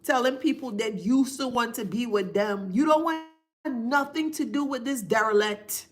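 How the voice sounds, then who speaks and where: A woman with a slightly high voice talks at a moderate pace, giving a casual spiritual reading on a live stream. She's emphatic and repeats phrases, reading viewers' names aloud to thank them.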